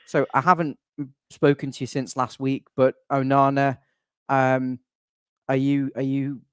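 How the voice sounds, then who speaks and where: A man's voice: mid-range voice, level tone, measured pace, fairly bright tone, clean tone, no room sound, clean studio sound. A young man hosting a casual fan show, chatty and wry with rambling asides. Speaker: channel admin and host. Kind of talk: casual fan podcast chat.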